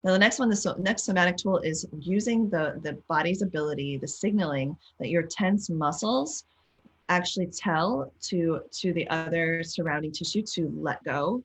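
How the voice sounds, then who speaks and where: Casting: woman parenting coach, low and breathy, encouraging, keeps checking in with listeners. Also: normal speed. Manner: encouraging, guides listeners through exercises; frequent checking "okay?" and "right?". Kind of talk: live online coaching talk.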